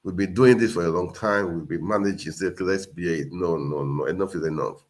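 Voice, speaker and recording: A man's voice: deep voice, brisk, a little mellow. A man hosting a casual livestream, earnestly urging viewers and repeating himself. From Nigeria. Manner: earnest, repetitive, exhorting. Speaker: livestream host.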